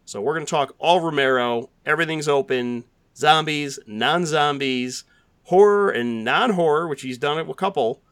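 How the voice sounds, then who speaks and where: A man's voice: on the high side, normal speed, a bit bright, smooth. A man hosting a podcast, chatting casually with lots of fillers and restarts. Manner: rambling, filler-heavy, frequent restarts. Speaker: podcast host.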